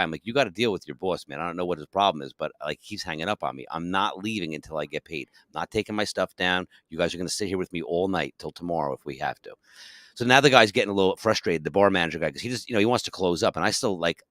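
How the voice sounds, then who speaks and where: A man co-hosting a podcast, telling a gig story in a casual, animated way and acting out the people he quotes. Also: low-pitched, no room sound, clean studio sound. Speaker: podcast co-host.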